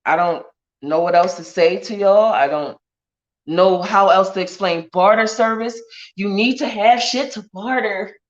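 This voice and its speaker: A woman's voice: mid-range voice, unhurried, highs cut off. A woman talking bluntly and heatedly in a profane livestream rant. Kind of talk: ranting livestream monologue.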